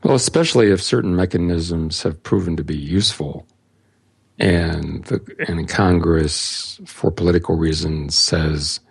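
A man with a very deep, heavily breathy voice talks on a podcast in a dry, matter-of-fact way. He sounds close, with no room echo. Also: a little slow. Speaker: podcast guest. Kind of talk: casual tech podcast talk.

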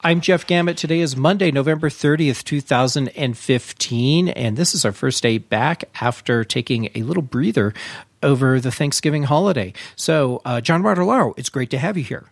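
A man hosts a daily tech podcast in a relaxed, conversational way. He chats easily and pauses often with small fillers, his voice mid-pitched and plain. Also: vocal fry, no echo. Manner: relaxed, chatty, frequent uh fillers. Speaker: podcast host. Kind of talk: casual tech podcast talk.

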